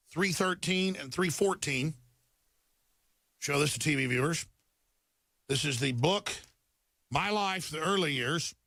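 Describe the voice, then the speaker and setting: Talk show guy ranting hard, gravelly voice, kinda high, super dry sound. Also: bright, forceful tone, dry recording. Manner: agitated, emphatic ranting with repeated stammering. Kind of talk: talk radio monologue reading headlines.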